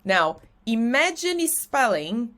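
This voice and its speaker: This young Brazilian woman has a fairly high, sing-song, slightly bright voice. A native Portuguese speaker with a Brazilian accent, she teaches an English lesson with slides, slowing down to spell letters out clearly.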